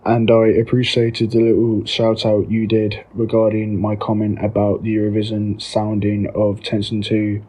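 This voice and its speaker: A man's voice: on the low side, monotone, moderate pace, hardly any pauses, mellow, husky. A man sending a friendly, easygoing voice memo to a podcast. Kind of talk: recorded voice memo.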